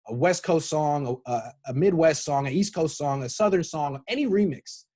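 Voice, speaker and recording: A man's voice: a little high, animated, moderate pace, warm tone, breathy edge. A man from the Bay Area, a podcast guest talking casually with strong opinions and frequent restarts. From San Francisco Bay Area.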